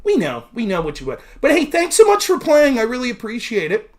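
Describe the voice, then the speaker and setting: A man hosts a casual political livestream and reads viewer comments aloud. His tone is sarcastic and mocking, and his pitch rises and falls with a lot of movement. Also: wildly swooping pitch, brisk.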